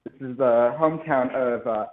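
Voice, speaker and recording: A young man from Seattle talks on a call-in show over a thin, tinny phone line. His voice sits at an ordinary middle pitch. He chats earnestly, with a slightly formal touch. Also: normal speed. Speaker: caller. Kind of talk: casual chat.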